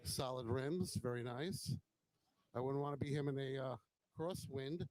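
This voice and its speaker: A man's voice: mid-range voice, measured pace, darkish tone, dry recording, poor audio. A man hosting a casual walkaround of a bike show, chatting admiringly and joking, recorded on a handheld camera as he walks. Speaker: host.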